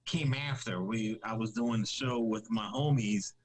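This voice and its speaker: This comic creator, a guest on a podcast, has a lowish voice and an unhurried pace, captured on a rough recording. The talk is a casual live-stream chat where he rambles, restarts a lot, fills pauses and laughs easily at his own jokes.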